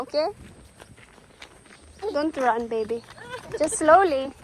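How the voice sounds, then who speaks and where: A woman vlogging outdoors with her toddler, talking gently and switching between English and Cebuano. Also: high-pitched, slow, long pauses. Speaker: vlogger mother. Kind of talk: casual vlog narration. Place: outdoors by a river in a rural area. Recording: faint outdoor background noise.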